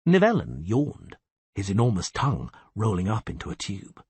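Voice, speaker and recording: Husky-voiced male audiobook narrator. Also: on the low side, wildly swooping pitch, moderate pace, a little mellow, dry recording. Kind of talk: scripted narration.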